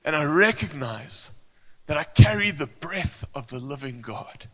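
Slow, earnest preaching man in a reverberant hall. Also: a little high, animated. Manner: earnest, emphatic, repeats phrases, with searching pauses. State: emotional. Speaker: pastor. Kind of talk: sermon.

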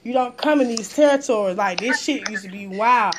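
A woman from the Atlanta area talks in a casual conversation, blunt and full of profanity as she tells stories. Her voice sits a little high. A faint hiss of noise runs under the recording. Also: brisk. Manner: blunt, profane, animated storytelling.

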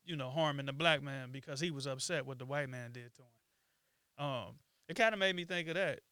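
A man co-hosting a podcast, speaking in casual chat with a reflective, halting manner full of ums and restarts. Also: mid-range voice, sharp tone, smooth, no echo, clean studio sound. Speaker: podcast co-host.

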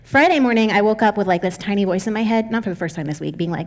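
A woman's voice: mid-range voice, fast talker. A young adult woman pastor giving a conversational sermon, candid and self-deprecating, often laughing as she talks.

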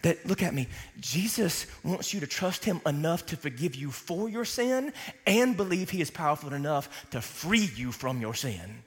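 Emphatic preacher with a higher voice. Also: male voice, sing-song, normal speed, long reverb tail, a little hiss or hum. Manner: emphatic, calls for congregation response. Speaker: pastor. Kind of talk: sermon.

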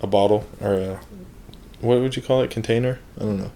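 A man's voice: fairly low pitch, steady tone, fairly quick, mellow. A man co-hosting a casual podcast, giggling often and fumbling for words. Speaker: podcast co-host. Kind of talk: casual chat.

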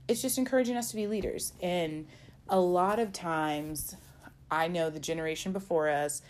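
A woman's voice: lowish voice, normal speed, a little mellow. A young adult woman hosting a casual faith podcast, talking in a chatty, encouraging way with lots of fillers and some playful scolding. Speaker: podcast host.

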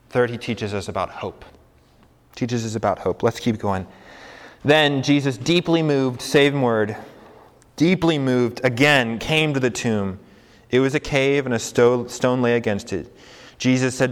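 A man preaching a sermon as pastor, earnest and conversational. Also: medium pitch. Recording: long hall reverb.

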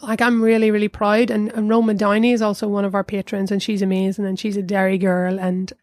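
A woman's voice: mid-range voice, level tone, a little fast, no echo, clean studio sound. A woman from Northern Ireland with a Northern Irish accent, a podcast guest telling her story in casual interview chat, full of fillers. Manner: chatty, warm storytelling with many fillers. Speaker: podcast guest, arts center leader.

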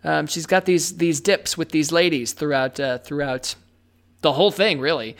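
A woman's voice: deep voice, moderate pace. A woman co-hosting a podcast in casual chat, chatty and self-deprecating, laughing often. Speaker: podcast co-host.

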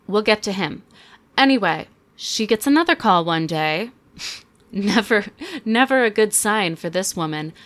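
A young woman hosting a podcast, chatting casually and sarcastically about a movie with quick asides. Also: medium pitch, animated, a bit bright. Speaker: podcast host. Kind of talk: casual chat, movie review.

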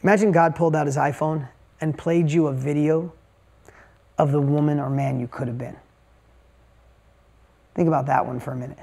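A woman's voice: deep voice, steady tone, moderate pace, gravelly, long pauses, mellow. A woman motivational speaker addressing a live audience from a stage, talking in short punchy bursts and firing rhetorical questions at the crowd.

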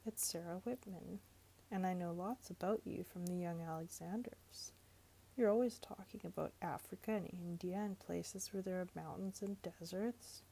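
A woman reading aloud and voicing a blunt, excitable young man who lectures and accuses, in her own husky, gravelly voice. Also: lowish voice, moderate pace. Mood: cocky. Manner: brash and accusing, then earnest.

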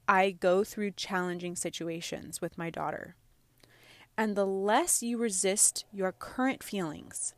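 A woman in her thirties chats casually about emotions and self-care in a medium-pitched voice, with no room sound. Her conversational self-help talk is full of "like" and "right?".

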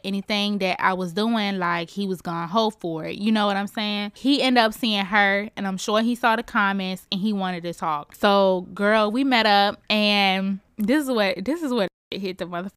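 A young woman hosting a podcast, telling a personal story in a chatty, slangy, animated way. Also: mid-range voice, clean tone, no echo, studio quality. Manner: chatty, animated, slangy, talks straight to listeners. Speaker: podcast host. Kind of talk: casual confessional storytelling.

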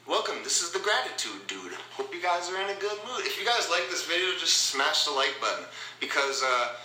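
A man's voice: a little high, sing-song, a little fast, bright, forceful tone, roomy sound, rough recording. A man hosting a motivational podcast, talking in an upbeat, rambling way and repeating his phrases. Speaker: podcast host. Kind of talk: casual motivational talk.

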